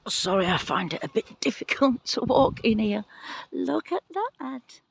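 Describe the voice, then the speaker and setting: A woman giving a casual tour of her garden plot outdoors in the wind, talking excitedly and apologetically into a handheld phone camera. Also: fairly high pitch, a little slow, vocal fry, slightly rough, no echo. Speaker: gardening vlogger.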